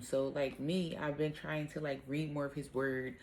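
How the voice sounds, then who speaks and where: A woman's voice: low voice, flat delivery, normal speed, hardly any pauses, darkish tone, slight background noise. Casual woman sharing faith thoughts. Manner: conversational, with fillers and self-corrections. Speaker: host of a Bible talk. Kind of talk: casual devotional talk.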